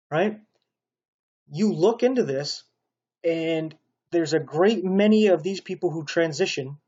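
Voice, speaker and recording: A man's voice: on the high side, a little mellow, slightly rough, muffled recording. A man preaching a rambling, stern sermon monologue, pressing his points with repeated rhetorical asides. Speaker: online preacher.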